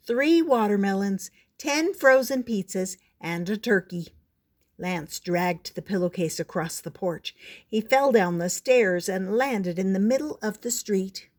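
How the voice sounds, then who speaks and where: Older woman, storybook reader, slow and gentle delivery. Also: mid-range voice. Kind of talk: reading a picture book aloud.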